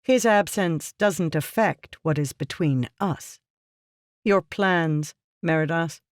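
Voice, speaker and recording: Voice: medium pitch, takes it slowly, no echo, studio quality, lightly acted. An audiobook reader voicing a determined woman leader who speaks firmly and with indignation. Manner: firm, indignant. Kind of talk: audiobook character reading.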